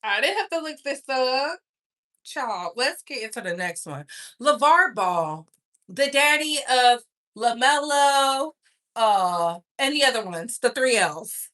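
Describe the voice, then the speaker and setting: Sassy, bright-voiced woman gossip host. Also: sits high, slow. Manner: sassy, animated, talks straight to viewers. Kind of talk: casual gossip commentary to a live chat.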